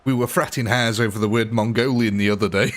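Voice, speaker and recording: A man with a fairly low voice chats on a live gaming stream. He talks casually and laughs often as he answers his viewers' comments. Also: fairly even intonation, quick pace. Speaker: gaming livestreamer.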